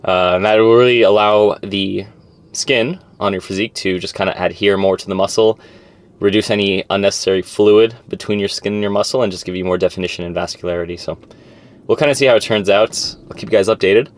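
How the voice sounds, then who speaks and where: Laid-back lower-voiced man vlogging. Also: brisk. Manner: relaxed, filler-heavy explaining. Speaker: fitness vlogger. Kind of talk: casual vlog talk to camera. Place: outdoors, at a farm orchard.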